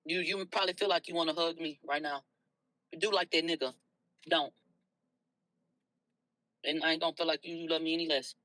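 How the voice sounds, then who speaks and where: Bright-voiced woman ranting bluntly on a stream. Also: deep voice, fairly even intonation, fairly quick, pauses often, no room sound, rough recording. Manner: blunt, profane, swings from soft to loud. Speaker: livestream host. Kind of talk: emotional early-morning livestream rant.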